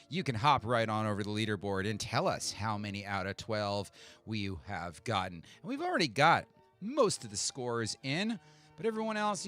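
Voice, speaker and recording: Male quiz host, casual and rambling, animated pitch, desk mic at home, light music bed. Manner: chatty, self-mocking, talks to himself. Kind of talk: casual live-stream chat. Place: home setup for an online stream. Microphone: desk mic with adjustable EQ.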